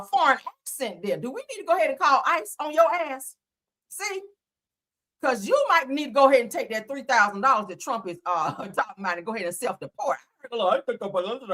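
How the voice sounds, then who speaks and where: A woman livestream host talks bluntly and profanely, laughing often as she goes. Her voice is bright and sharp, and her pitch swings widely. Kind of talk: casual livestream commentary.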